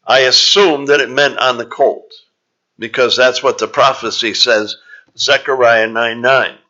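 A man preaching a Bible teaching sermon in a measured, explanatory way, pausing often with "uh". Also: mid-range voice, steady tone, pushed and bright, lo-fi sound. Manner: measured, explanatory, with frequent "uh" pauses.

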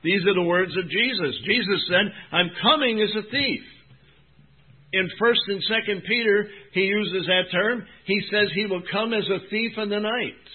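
Male preacher, slightly high voice, emphatic scripture reading, thin phone-like recording. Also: slightly rough. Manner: emphatic, drawn-out Bible reading, rising and dropping in volume; addresses listeners as "my friend" and "folks". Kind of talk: sermon.

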